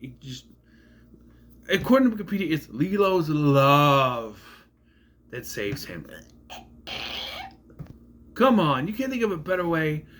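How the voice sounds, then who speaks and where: A man's voice: on the high side, very animated, slow, pauses often, a bit bright. A man giving a casual, rambling film review, sarcastic and often tripping over names. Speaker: movie reviewer.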